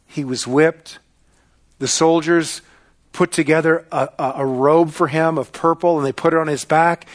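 A man preaching a sermon, telling a story dramatically and swinging between loud passages and hushed ones. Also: on the high side. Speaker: pastor.

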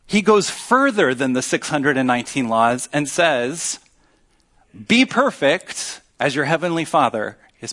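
A man preaching a sermon as pastor, earnest and teaching, with emphatic pauses. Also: on the high side, pushed and bright.

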